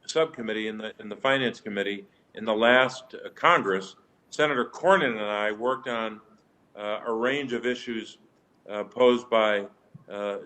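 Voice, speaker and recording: A man, a senator, speaks into a hearing over a remote link, his voice mid-pitched. He makes measured, formal remarks and questions, now and then restarting a phrase. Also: a bit bright, poor audio. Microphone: joining remotely over the web.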